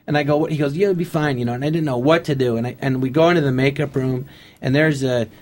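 A man's voice: mid-range voice, fast talker. Chatty man acting out old stories. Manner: animated anecdotes acting out quotes. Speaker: interview guest. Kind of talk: casual storytelling.

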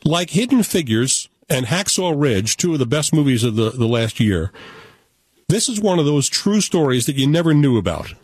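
An American man reviewing a film in casual radio chat, animated and opinionated with a joking streak. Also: mid-range voice, moderate pace, slightly rough, no echo. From United States. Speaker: film critic.

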